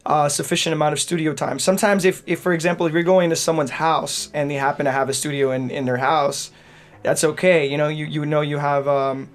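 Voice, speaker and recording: A man's voice: a little high, fairly even intonation, brisk. A man co-hosting a podcast, talking in a rambling casual way with lots of restarts and "right?" tags. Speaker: podcast co-host, DJ producer. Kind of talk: casual chat.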